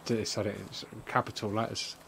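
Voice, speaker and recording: A man's voice: on the low side, level tone, a little fast, gravelly, fairly bright tone, slight background noise. A man streaming live gameplay commentary, jokey and sarcastic, swearing often.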